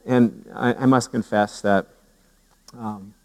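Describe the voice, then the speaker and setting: A pastor preaching a sermon with humor and animated storytelling, often repeating his words as he goes. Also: fairly low pitch, slow, big-room sound, poor audio. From Canada.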